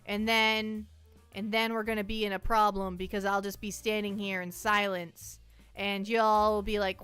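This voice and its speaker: A woman's voice: medium pitch, flat delivery, normal speed, fairly bright tone, clear, resonant tone, faint music behind. A young woman streaming, casually chatting with her viewers in a self-mocking, talkative way. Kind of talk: casual livestream chat.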